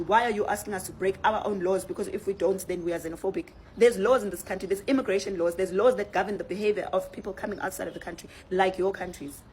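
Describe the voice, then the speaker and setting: South African woman, fast and forceful, confrontational monologue, repeats her points, faint background ambience. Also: mid-range voice, slight background noise. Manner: forceful, confrontational, repetitive emphasis. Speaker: activist. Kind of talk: direct-to-camera monologue.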